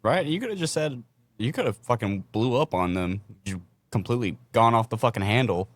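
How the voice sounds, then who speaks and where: A man's voice: mid-range voice, animated, a little fast, dry recording. A man co-hosting a podcast who drops short, blunt, joking remarks and swears. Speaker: podcast co-host. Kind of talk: casual chat.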